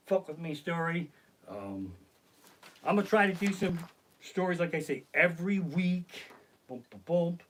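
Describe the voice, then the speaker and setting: A middle-aged man doing profane stand-up storytelling on a live stream from his living room, acting out the other people in his stories. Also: fairly high pitch. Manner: profane, animated, acts out other people's lines. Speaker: stand-up comedian. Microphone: basic home streaming mic.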